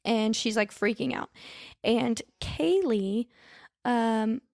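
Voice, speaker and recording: A woman's voice: a little high, takes it slowly, a little mellow, dry recording, studio quality. A woman co-hosting a podcast, telling a true-crime story in a chatty, casual way and often stopping to correct herself when she mixes up names. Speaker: podcast co-host.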